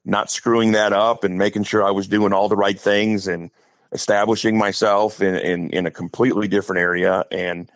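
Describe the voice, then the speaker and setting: A middle-aged man with an Upper Midwest accent, talking low and gravelly as he spins a chatty, rambling story. His voice sits fairly deep and close to the mic in a dry, dead room. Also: flat delivery, moderate pace, dry recording. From Wisconsin. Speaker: guest, high school head football coach. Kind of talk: casual podcast storytelling.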